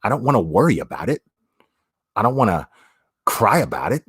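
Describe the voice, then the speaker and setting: A man holds forth on his livestream in a blunt, profane way, repeating himself for emphasis. His voice is husky and swings up and down a lot. The sound is dry and close. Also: fairly low pitch, very animated, a little fast, a bit bright, no room sound. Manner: blunt, swearing, repeats phrases, says "man" often. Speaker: livestream host. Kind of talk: blunt opinionated livestream talk.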